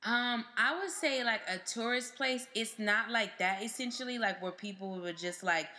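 Woman co-host, bright voice, playful slangy talk. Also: fairly high pitch, moderate pace. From not from New York. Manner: lively, laughing, slangy, playful. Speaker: podcast co-host. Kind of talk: casual chat.

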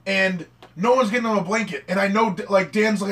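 A young man rambling excitedly through a story among friends, swearing constantly in casual chat. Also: high-pitched, quick pace. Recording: mic at a distance.

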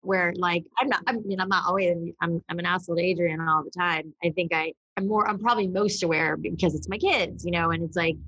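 A woman co-hosting a podcast speaks in a lower register with a husky edge. She rambles openly through fillers and the odd curse. Her voice comes over a dull, dry call line. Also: fairly even intonation, fairly quick, few pauses, a bit bright, no echo. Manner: rambling, filler-heavy, frank with swearing. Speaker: podcast co-host. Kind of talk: candid conversational chat.

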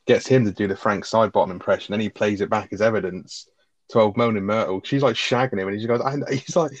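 Guy rattling through a film recap, swearing a lot, low voice, dry close mic. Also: fast talker, no room sound. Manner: sweary, animated retelling of scenes. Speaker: podcast co-host. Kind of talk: casual film review chat.

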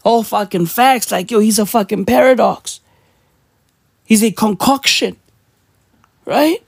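A woman's voice: fairly high pitch, unhurried, gravelly, breathy edge, no room sound, clean studio sound. A woman ranting on a podcast in casual, profane, slangy talk, emphatic and mocking.

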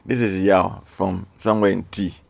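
A man's voice: deep voice, flat delivery, moderate pace, vocal fry, no echo. A man hosting a radio call-in show, earnestly reading out listener messages and repeating his requests. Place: radio studio.

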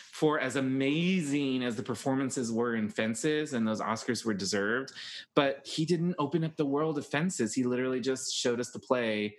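Opinionated man in casual chat. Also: medium pitch. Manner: opinionated, talks in long rapid run-ons. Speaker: podcast co-host. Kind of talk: casual chat about films and plays.

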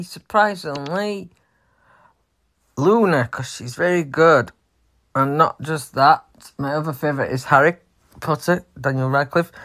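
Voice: mid-range voice, fairly bright tone. Eager listener leaving a voice message. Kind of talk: casual voice message.

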